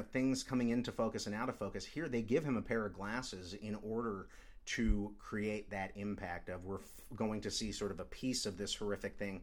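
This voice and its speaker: A man teaching screenwriting, talking through a script in a loose, stop-start way with fillers. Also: lowish voice. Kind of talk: script analysis lecture.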